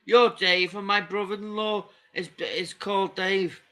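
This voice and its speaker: A man's voice: high-pitched, steady tone, unhurried, sharp tone. A man with a Scouse accent chatting on a casual stream, rambling and repeating himself. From England. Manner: rambling, repeats words, laughs easily.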